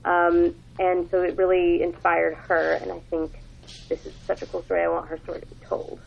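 A woman's voice: lowish voice, flat delivery, a little fast, creaky. A woman chatting casually and enthusiastically about books on a radio segment, with lots of fillers. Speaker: book recommender on a radio segment. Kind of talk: casual book talk. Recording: phone-like radio audio.

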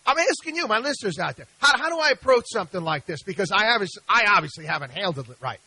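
A middle-aged man hosts a radio talk show from a studio, his voice high and bright as he argues in an exasperated, animated way. He keeps stumbling, repeating himself and restarting his sentences. The sound is close and dry, with no room in it. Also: fast, husky, no echo, low-quality recording. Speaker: radio show host, investment advisor.

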